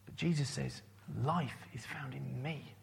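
A man's voice: mid-range voice, fairly even intonation, measured pace, creaky. A man preaching a sermon, quoting scripture and repeating key phrases for emphasis.

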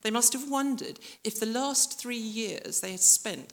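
A woman's voice: mid-range voice, fairly even intonation, a little slow, few pauses. A woman preacher giving a reflective, conversational sermon that speaks directly to the listeners and acts out voices from the story.

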